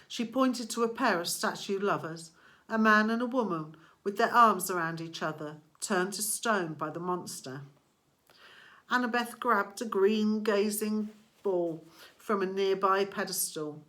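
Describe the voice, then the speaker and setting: Brief: woman narrator, slow deliberate audiobook reading, bright tone. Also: mid-range voice. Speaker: audiobook reader. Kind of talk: scripted narration.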